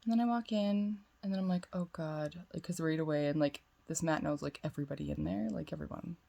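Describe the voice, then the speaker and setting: Gravelly, husky woman telling a rambling story. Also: deep voice, a little fast, warm tone. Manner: rambling, heavy on "like" fillers, self-assured. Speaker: twin flame spiritual guide. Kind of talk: casual storytelling vlog.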